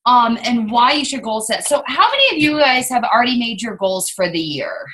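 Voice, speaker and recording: A woman's voice: fairly high pitch, sing-song, normal speed, pushed and bright. A woman coaching her team on a video call, in a chatty, rambling, casual way that drifts off topic.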